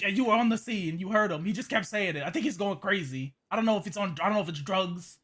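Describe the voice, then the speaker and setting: A man with a high, bright voice recounts an encounter in character during a roleplay. He rambles, stammers and repeats words as he tells it. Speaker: roleplay character giving a statement. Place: game voice chat.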